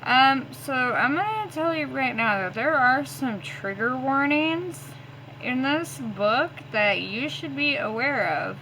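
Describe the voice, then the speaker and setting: High, bright-voiced woman ranting. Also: animated, takes it slowly, a little hiss or hum, low-quality recording. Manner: ranting, swears a lot, frequent ums. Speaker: book vlogger. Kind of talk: casual reading vlog.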